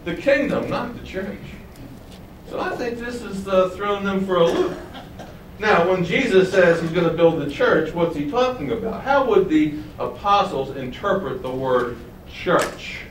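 A high-voiced man preaching a sermon in a roomy, echoing church, heard from a little way off the mic. He teaches with lively swings of pitch and volume and asks the congregation rhetorical questions. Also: a little slow, recorded from a distance, a little hiss or hum. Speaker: pastor.

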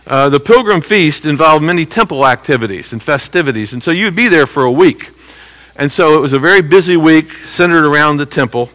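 Bright-voiced man teaching scripture. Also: a little high, lively intonation, rough recording. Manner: conversational teaching with frequent "okay?" check-ins; repeats key phrases slowly for emphasis. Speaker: Bible teacher. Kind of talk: expository Bible teaching.

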